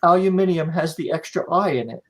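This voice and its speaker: A man's voice: fairly high pitch, fairly quick, crowd noise. A podcast host joking with his guest in a teasing, casual way. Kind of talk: casual interview chat.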